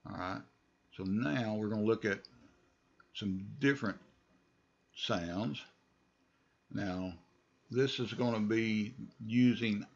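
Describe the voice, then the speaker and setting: A man leads a pronunciation lesson, drawing out each model word slowly so learners can repeat it. His voice sits low and carries a gravelly edge. The sound is dull and lo-fi. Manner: slow, deliberate model words, relaxed asides. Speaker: English pronunciation teacher.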